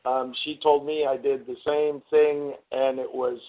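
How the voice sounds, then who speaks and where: Male caller, mid-pitched, hesitant and earnest, phone-line audio. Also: level tone, a little slow. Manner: earnest, hesitant, full of restarts. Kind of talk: casual call-in radio chat.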